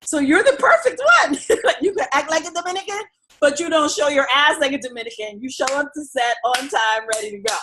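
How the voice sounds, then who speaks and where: A woman telling stories in animated casual chat, laughing often and swinging between loud outbursts and soft asides. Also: high-pitched, fairly quick.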